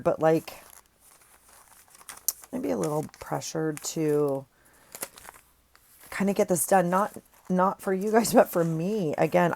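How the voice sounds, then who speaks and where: Chatty woman at her craft desk, low gravelly voice, talks to viewers like friends, earphone mic. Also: a little mellow, a little hiss or hum. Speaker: craft vlogger. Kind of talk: casual chat while crafting.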